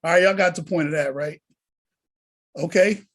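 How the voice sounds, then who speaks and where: A man who is a deacon, teaching a college prep lesson to students in an animated, preacher-like way over a video call. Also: fairly high pitch, normal speed.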